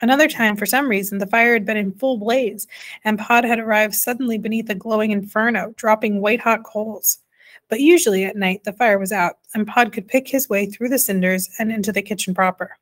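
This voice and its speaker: A woman reading a children's storybook aloud in a measured way, now and then correcting herself. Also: medium pitch, fairly even intonation. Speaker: reader.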